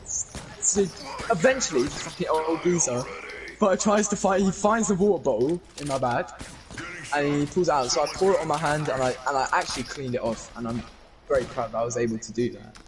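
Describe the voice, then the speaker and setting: A young man, excitedly telling a story to friends in a casual, swearing, rambling way. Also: on the high side, fairly quick, background noise. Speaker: gaming channel host. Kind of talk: animated storytelling chat.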